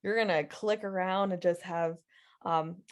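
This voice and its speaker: Chatty woman co-hosting a software lesson. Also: mid-range voice, moderate pace. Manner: chatty, laughing, lightly sarcastic. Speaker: co-host trainer. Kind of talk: screen-share software tutorial.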